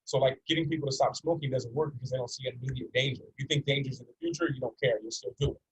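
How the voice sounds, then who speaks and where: A man's voice: mid-range voice, very fast, husky, rough recording. A man in his forties from North America, teaching a coaching session in an earnest, repetitive way and using stories to make his points. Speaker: life coach.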